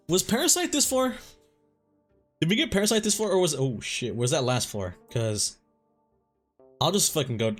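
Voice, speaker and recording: A man's voice: medium pitch, big pitch swings, fast talker, faint music behind. A young man telling a story in a laid-back, rambling way over gameplay, swearing freely as he goes. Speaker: gaming YouTuber.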